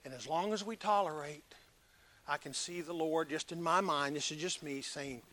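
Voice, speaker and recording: A man preaching a sermon, emphatic, swinging between loud exhortation and hushed earnest talk. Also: on the high side, moderate pace.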